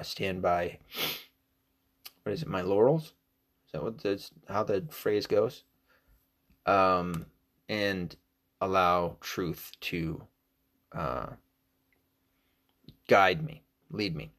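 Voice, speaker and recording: Rambling, profane middle-aged man, low voice. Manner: rambling, profane, jumps to loud mocking quotes. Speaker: podcast host. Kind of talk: casual solo commentary.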